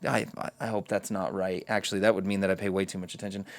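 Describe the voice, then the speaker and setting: A man's voice: low-pitched, level tone, quick pace, faint music behind. A young man co-hosting a casual podcast, ranting animatedly and swearing often. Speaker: podcast co-host. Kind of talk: casual chat.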